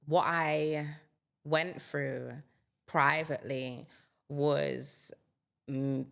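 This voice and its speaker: A woman in her thirties speaks as an interview guest, with a strikingly deep voice. Her tone is gravelly with a steady fry underneath. She talks in an open, reflective, personal way. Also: very slow. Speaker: guest, singer. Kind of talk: candid interview conversation.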